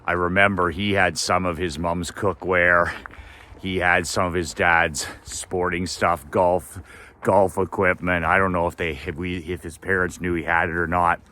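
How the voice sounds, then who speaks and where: A middle-aged man telling a personal story in a relaxed way, with fillers and laughs. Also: sits low, a little slow. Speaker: business coach. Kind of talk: casual storytelling.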